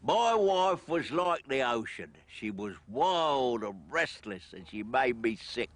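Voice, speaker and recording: A man delivering slow deadpan one-liners in a comedy sketch. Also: medium pitch.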